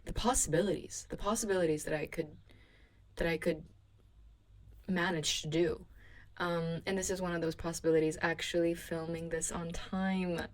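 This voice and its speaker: A young adult woman hosts her own podcast from her bedroom, chatting casually and rambling in a sleepy, self-deprecating way. She sounds sleepy and a bit sick in the throat. Her voice is on the low side, fairly even in intonation, at a moderate pace.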